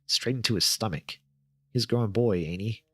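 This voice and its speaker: A man's voice: on the low side, a little fast, bright, forceful tone, no room sound, faint music behind, voice pushed up. A man voicing a father who teases his son at dinner in a folksy way. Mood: teasing. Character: joking father at dinner table.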